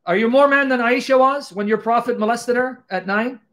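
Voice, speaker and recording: A man hosting a live call-in debate stream, taunting and mocking his callers loudly. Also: very high-pitched, a little fast.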